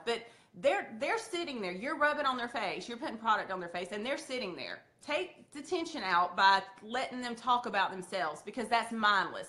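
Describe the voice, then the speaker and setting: A woman's voice: mid-range voice, sharp tone. A woman with a Southern accent giving a sales training talk, chatty, acting out her talks with customers. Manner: chatty, acts out customer dialogue.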